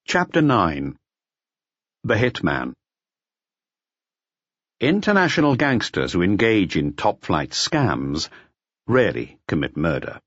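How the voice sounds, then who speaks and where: A man reading a crime novel aloud in a measured, expressive storytelling manner. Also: deep voice, dry recording. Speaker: audiobook narrator. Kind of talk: scripted narration. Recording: dull lo-fi audio, dry.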